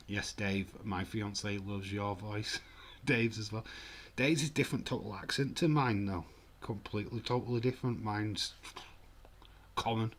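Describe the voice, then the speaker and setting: A man's voice: fairly low pitch, a little slow. A man in his forties with a Yorkshire accent, hosting a casual livestream, joking, laughing often and reading out viewer comments. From England. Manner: jokey, laughs often, mild swearing. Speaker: livestream host.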